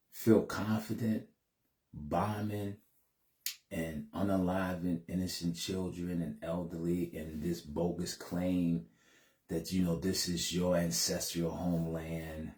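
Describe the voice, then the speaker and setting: Laid-back male vlogger, low and warm, recorded in a roomy space. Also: steady tone, slow pace. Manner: laid-back, says "man" at the end of most phrases. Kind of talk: casual direct-to-camera talk.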